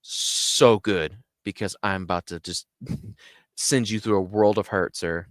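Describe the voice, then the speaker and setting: A man's voice: low voice, steady tone, a little slow, no echo, studio quality. A man voicing a curt, impatient male army sergeant who gives brusque orders. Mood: commanding. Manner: brusque, commanding.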